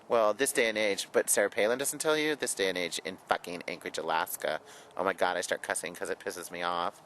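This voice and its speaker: A flamboyant, outspoken man talks in a low voice with a bright, forceful edge. His reminiscing is frank and chatty, full of cussing and sass. Faint background noise sits under his talk. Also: fairly quick, rough recording. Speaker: hairdresser and vlogger. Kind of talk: candid personal reminiscing.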